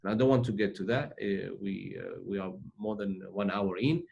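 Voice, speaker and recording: A man's voice: fairly low pitch, moderate pace, creaky, a little mellow, dull audio. A man teaching a religious ethics class in a conversational way, explaining through everyday examples.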